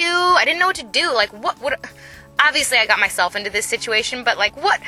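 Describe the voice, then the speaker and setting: A woman with a very bright, somewhat high voice tells a long story in a casual, chatty way. She jumps into the voices of the people she describes. Faint music plays behind her. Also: brisk.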